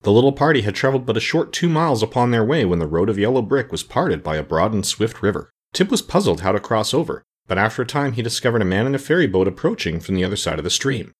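Man, audiobook narrator, husky, fairly low, expressive. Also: fast talker, hardly any pauses. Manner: expressive storytelling.

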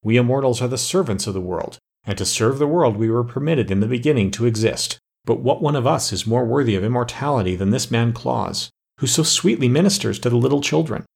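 Noble forest immortal, earnest and pleading; a man reads him, husky storybook tone. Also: mid-range voice, expressive, a little fast, hardly any pauses, darkish tone.

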